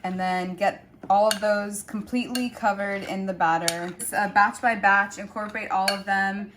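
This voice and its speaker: A woman's voice: medium pitch, moderate pace, few pauses, fairly bright tone, rough recording. A young woman co-hosting a casual home cooking show, upbeat and talking straight to the viewers. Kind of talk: casual cooking demonstration and chat. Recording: faint room noise.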